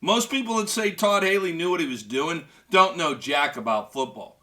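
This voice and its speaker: A man's voice: fairly high pitch, moderate pace, pushed and bright. A man hosting a sports talk show, reading fan comments in a wisecracking, joking way. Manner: wisecracking, does mock voices and laughs. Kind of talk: casual sports radio banter.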